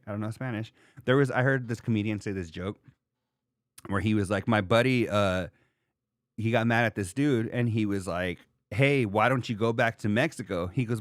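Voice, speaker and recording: A man hosting a podcast in casual chat, rambling and joking in an animated way. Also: mid-range voice, dry recording, studio quality. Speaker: podcast host.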